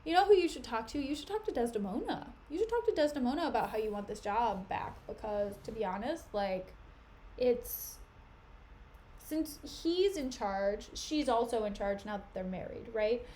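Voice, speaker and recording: A woman's voice: a little high, expressive, normal speed, dark tone, a little hiss or hum, natural voice. A woman voicing a scheming male villain who talks like a friendly buddy, slangy and falsely caring, in a casual retelling of a play on stream.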